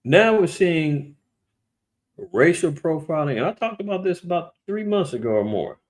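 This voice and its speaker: A man's voice: a little high, big pitch swings, normal speed. A man giving a casual, blunt and profane commentary on current events.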